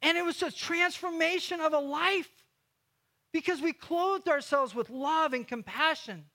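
A man preaching a sermon, telling a story with loud bursts and hushed, slow emphasis. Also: very high voice. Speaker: guest preacher.

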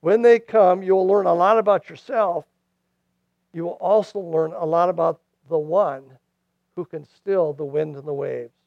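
A man preaching a sermon who moves between loud, pressing emphasis and hushed, quiet lines. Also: high voice, steady tone, a little slow, vocal fry, no echo, lo-fi sound. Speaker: pastor.

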